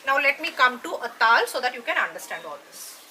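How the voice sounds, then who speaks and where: A woman's voice: high-pitched, very animated, a little fast, sharp tone, a little hiss or hum. A woman, patiently explaining a dance lesson and checking in with her students as she goes. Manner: patient, checks in with "right?" and "okay?". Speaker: dance teacher.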